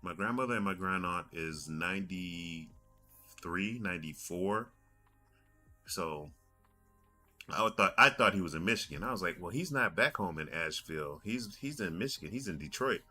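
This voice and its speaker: A man's voice: sits low, expressive, moderate pace, pushed and bright, soft background music. A man in his forties telling a rambling story on his gaming podcast, doubling back and repeating himself as he goes. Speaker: podcast host. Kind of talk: casual podcast monologue.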